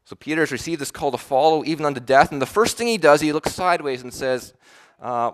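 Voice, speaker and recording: A male pastor preaching a sermon, swinging between emphatic declarations and hushed, quiet lines, acting out quoted voices with a rising pitch. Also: quick pace, few pauses.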